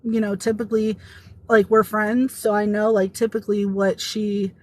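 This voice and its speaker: A woman telling a workplace story straight to the camera in a casual vlog. She talks in an animated way, acting out what her coworkers said, at a middle pitch. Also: moderate pace, rough recording. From Italian heritage. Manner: animated retelling, quoting others.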